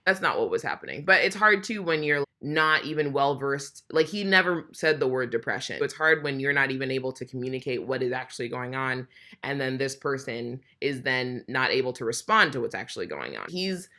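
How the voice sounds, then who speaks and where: A woman's voice: rumbling low, expressive, brisk, bright, forceful tone. A young woman chatting through a TV episode recap, candid and full of "like", swearing freely and acting out what the characters say. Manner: chatty and candid, frequent swearing and "like", acts out quotes. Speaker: TV recap vlogger.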